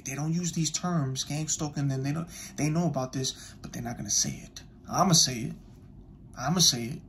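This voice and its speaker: A man delivers impassioned online commentary, hammering his points and calling out to his audience again and again. His voice sits a little high. A faint ambient hum runs underneath. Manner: emphatic, repetitive, addresses audience directly.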